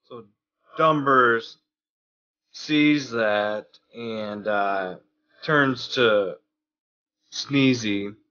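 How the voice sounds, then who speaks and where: A man playing in a tabletop game, describing his actions in a halting, unhurried way. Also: mid-range voice, bright, forceful tone, muffled recording. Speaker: player. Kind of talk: casual game chat.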